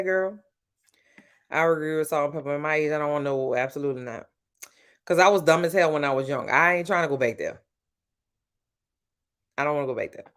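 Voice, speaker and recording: A woman with a New Orleans accent chatting casually with her livestream viewers, talkative and blunt, calling people "child" and "baby". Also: rumbling low. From New Orleans, USA. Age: adult with grown-up sons. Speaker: livestream host.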